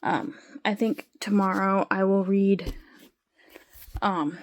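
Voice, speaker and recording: A woman's voice: mid-range voice, little pitch movement, takes it slowly. A woman chatting casually to camera at home, rambling with sighs and frequent fillers. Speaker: vlogger. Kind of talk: casual chat.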